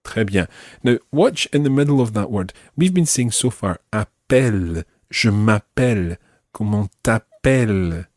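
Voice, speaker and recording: Male teacher, low voice, lively intonation, dry studio sound. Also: no room sound. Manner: slow, deliberate, repeats phrases for learners. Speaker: language teacher. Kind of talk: scripted audio lesson.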